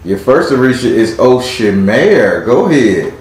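A man leads a live tarot reading in a blunt, joking manner, peppered with salty slang. His voice sits at a middle pitch and rings out in a very echoey room, with faint noise underneath. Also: big pitch swings, a little slow, a little mellow. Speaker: tarot reader.

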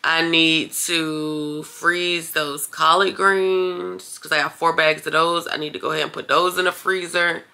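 A woman's voice: low-pitched, fairly even intonation, unhurried, gravelly, hardly any pauses, pushed and bright. A woman vlogging casually to her viewers, chatty and blunt, calling them y'all and cursing when annoyed. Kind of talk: casual vlog talk to camera.

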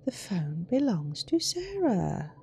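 A woman voicing a smug, coolly superior phone assistant in a measured, prim, cold way. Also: mid-range voice, wildly swooping pitch, dark tone, a little hiss or hum, full character voice.

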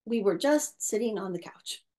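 A woman's voice: medium pitch, animated, normal speed, warm tone. A middle-aged woman talking reflectively about caregiving in an interview, often restarting and repeating words as she thinks. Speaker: caregiver coach. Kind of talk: conversational interview talk.

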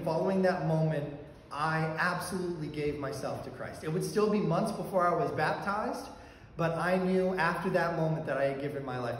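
A male pastor telling a personal story in a sermon, conversational, with fillers and restarts. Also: a little high. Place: church sanctuary. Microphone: handheld or stand mic that fell during talk. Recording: very echoey church hall, faint background noise.

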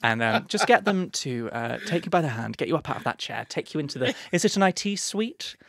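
A man's voice: on the high side, very animated, brisk, gravelly, fairly bright tone, dry recording, studio quality. A man co-hosting a podcast, chatting casually in a playful, teasing, mock-grand way. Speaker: podcast co-host.

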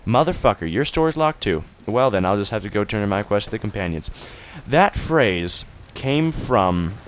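A young man narrating his own gameplay, goofy and excitable, swearing and joking with his viewers. His voice sits a little low. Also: normal speed, a little hiss or hum. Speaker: let's play host. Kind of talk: gameplay commentary.

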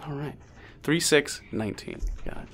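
A man's voice: a little high, wildly swooping pitch, moderate pace, gravelly, a bit bright, a little hiss or hum. A man narrating as game master, in a loose, casual way with fillers and swearing.

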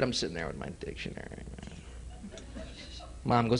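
A man's voice: mid-range voice, sing-song, brisk, creaky, long pauses, a bit bright. A young man from Texas in his twenties doing sardonic stand-up comedy, often laughing at his own jokes. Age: 20s. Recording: noisy 1980s live club tape.

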